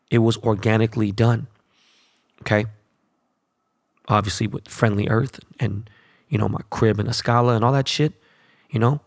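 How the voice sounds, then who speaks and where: A young man hosting a sports podcast, ranting bluntly with constant profanity in a casual, animated way. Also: medium pitch, vocal fry, dry recording, studio quality. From Los Angeles. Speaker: podcast host.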